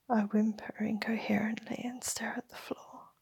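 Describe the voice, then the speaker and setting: A woman narrating an erotic story in the first person as a whispered role-play, with a breathy, intimate delivery. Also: fairly high pitch, level tone, normal speed, few pauses, a little mellow.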